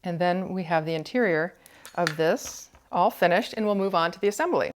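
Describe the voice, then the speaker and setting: A woman teaching cookie decorating, calmly explaining each step while she works. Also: on the low side, moderate pace. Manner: calm, explanatory, thinking aloud while working. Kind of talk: step-by-step demonstration.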